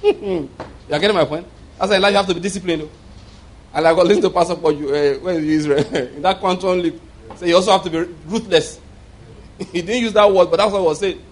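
Guy preaching, slightly higher voice, emphatic, tells stories and chuckles a lot. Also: fairly quick, a little hiss or hum, low-quality recording. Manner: emphatic, storytelling, chuckles often. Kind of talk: sermon.

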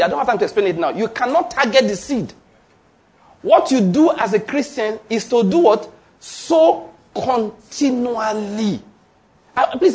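A man preaches with a high, bright voice that leaps up and down in pitch. He drives his points home emphatically, asking questions and waiting for the congregation to call back. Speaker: pastor. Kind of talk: sermon.

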